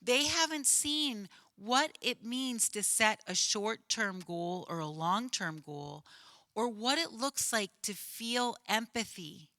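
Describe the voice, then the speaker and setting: A woman's voice: a little high, lively intonation, slow, bright, forceful tone, no room sound. A woman in her fifties, a school counselor, telling a vivid story at a panel and checking in with "right?". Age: 50s. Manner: earnest, vivid retelling with frequent "right?".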